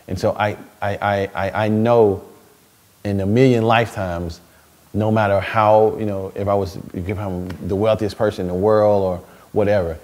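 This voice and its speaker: A man in his thirties, a stay-at-home dad as an interview guest, telling stories in a lively way with frequent laughs and repeated words. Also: lowish voice, normal speed. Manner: animated storytelling, laughs often, repeats words. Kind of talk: casual interview talk.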